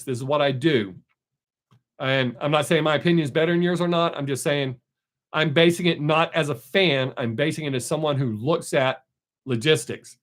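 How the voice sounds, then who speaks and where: A man hosting a casual live stream, answering viewer comments in a blunt, opinionated way. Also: fairly high pitch.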